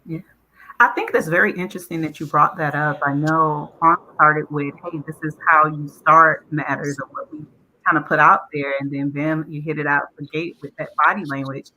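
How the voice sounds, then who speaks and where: Woman panelist, very bright, sharp tone, thoughtful. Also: low-pitched, steady tone, moderate pace, slight background noise. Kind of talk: panel discussion.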